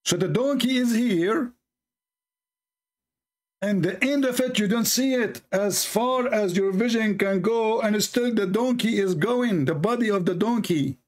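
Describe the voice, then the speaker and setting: Sarcastic man. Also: unhurried. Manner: sarcastic, reads text aloud and mocks it with sudden high-pitched jabs. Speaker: debate host. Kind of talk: mocking religious debate commentary.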